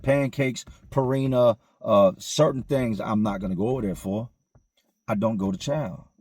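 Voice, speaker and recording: A man's voice: on the low side, moderate pace, a little mellow, slightly rough, no room sound. A man casually telling a story in slangy street vernacular, with frequent conversational asides to the listener.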